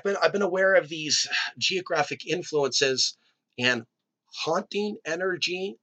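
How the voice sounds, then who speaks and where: A man talks in a meandering, free-flowing monologue and drifts from one tangent to the next. His voice sits a little high and has a bright, forward edge. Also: unhurried, lo-fi sound. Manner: rambling and conversational, drifting between tangents. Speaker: video host.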